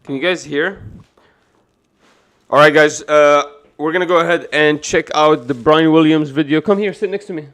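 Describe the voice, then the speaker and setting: A man streaming a casual video reaction, excitable and profane, talking to his chat. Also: fairly high pitch, normal speed. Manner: excitable, profane, laughs hard.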